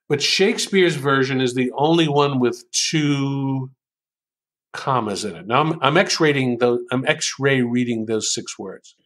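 With a mid-range, fairly bright voice and a measured pace, an older American author and writing coach explains things through examples in a relaxed interview. He sounds thoughtful yet unsure, dropping frequent ums and dwelling on quoted passages.

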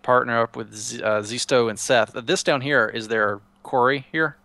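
A man's voice: medium pitch, normal speed, vocal fry, pushed and bright, no echo. Guy rambling on while showing off a game server, stumbles and restarts a lot, dry close sound. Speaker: Minecraft server co-player. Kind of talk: casual gameplay chat.

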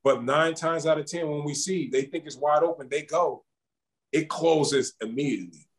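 A man, a former basketball champion, talking casually as an interview guest in a relaxed, slangy way that repeats words. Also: fairly high pitch, moderate pace, rough recording.

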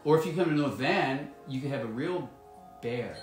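A man with an even, middle-pitched voice chats playfully and rambles as he reads out fan messages during an autograph session. The sound is roomy and echoey, with faint music in the background. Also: moderate pace. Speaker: actor signing autographs. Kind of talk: casual livestream chat.

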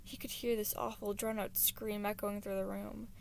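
A woman reading a fan story aloud in an unhurried, expressive way. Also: medium pitch, vocal fry, a little hiss or hum. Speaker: fan-fiction reader. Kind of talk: audiobook-style story reading.

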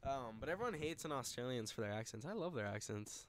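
A man's voice: mid-range voice, lively intonation, fast talker. A young man giving casual, rambling commentary while he plays a game, swearing often and laughing at himself. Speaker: gamer commentator. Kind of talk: casual live gameplay commentary. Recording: loud gunfire from the game under the voice.

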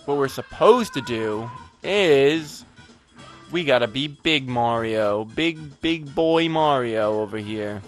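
A man's voice: medium pitch, expressive, takes it slowly. Man, let's play commentary, frustrated, profane, a bit drunk, faint background game music. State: tipsy from drinking. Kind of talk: casual gameplay commentary.

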